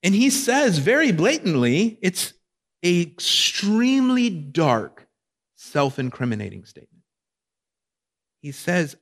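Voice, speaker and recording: A man's voice: sits high, sing-song, takes it slowly, pauses often. Man, preacher, sermon, conversational, checks in with listeners. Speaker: pastor.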